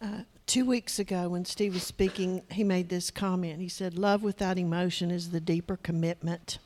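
A woman sharing a personal testimony in church, soft and reflective, pausing with hesitant fillers. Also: on the low side, fairly even intonation, slight background noise.

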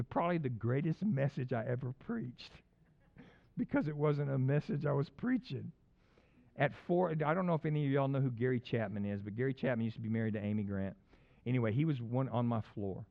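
A male pastor telling a personal story in a sermon, swinging between loud bursts and hushed asides. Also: medium pitch, highs cut off.

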